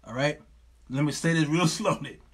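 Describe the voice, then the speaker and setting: A man, hosting a live talk show in a loose, animated way and acting out both sides of his stories. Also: fairly high pitch, normal speed, slightly rough. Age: 50s. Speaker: show host.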